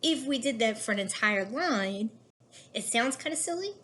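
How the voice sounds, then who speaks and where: A woman's voice: fairly high pitch, lively intonation, moderate pace, bright, forceful tone. A woman teacher giving a recorded lesson, explaining patiently with a few fillers.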